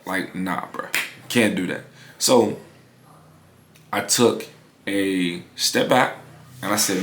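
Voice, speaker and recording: A man's voice: sits low, slow pace, long pauses, a bit bright, roomy sound, slight background noise. A man in his twenties talking casually in a vlog about his clothing brand, laid-back and slangy with lots of fillers. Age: 20s. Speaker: vlogger building a clothing brand.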